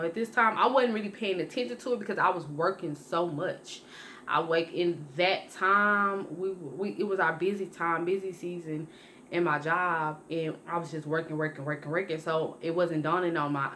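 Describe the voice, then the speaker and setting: A woman's voice: fairly low pitch, slight background noise. A young woman vlogger telling a personal story in a casual, rambling way, restarting and correcting herself often. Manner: rambling, conversational, with many restarts and self-corrections; lively when acting out her own past lines.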